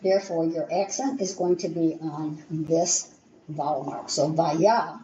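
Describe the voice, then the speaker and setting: A woman's voice: sits low, steady tone, unhurried, mellow, lo-fi sound, slight background noise. A woman teaching an informal beginners' language class, explaining in a chatty way with many ums and restarts. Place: small meeting room in a congregation.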